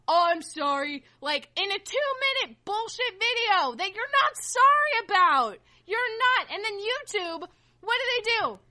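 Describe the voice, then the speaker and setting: A woman's voice: very high voice, pushed and bright. A woman co-hosting a podcast, ranting angrily with a lot of swearing. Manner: angry ranting, heavy swearing. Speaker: podcast co-host. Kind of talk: casual podcast chat.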